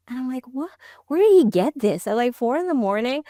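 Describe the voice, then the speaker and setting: A woman's voice: normal speed, no room sound, clean studio sound. A woman guest and startup founder telling a personal story in an interview, acting out quoted dialogue with big leaps in her voice. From immigrated to the United States. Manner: animated, acts out quoted dialogue with big pitch jumps.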